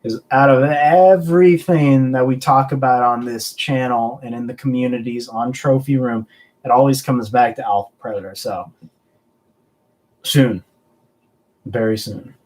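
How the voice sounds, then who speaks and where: A man's voice: medium pitch, fairly even intonation, unhurried, a little mellow, poor audio. A young man from the American South, hosting a casual live stream and chatting loosely with viewers, rambling and swearing freely. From Southern United States. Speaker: collectibles channel host.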